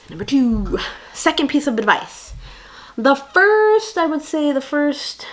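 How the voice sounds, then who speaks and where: A young woman vlogging candid parenting advice in a casual, chatty way, full of fillers and asides. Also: on the high side. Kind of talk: casual chat to camera.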